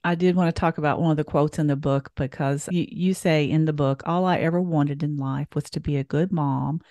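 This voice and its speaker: A woman's voice: deep voice, fairly even intonation, brisk, dark tone, dry recording. A woman hosting a podcast, asking a guest attentive questions about her book. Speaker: podcast host. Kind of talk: interviewing a guest.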